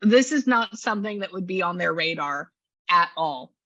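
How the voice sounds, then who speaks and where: A woman's voice: lowish voice, animated, normal speed, pushed and bright, no echo, muffled recording. A woman working as a psychic medium, talking casually and gushingly through a reading, with many restarts. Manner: chatty, gushing, restarts often.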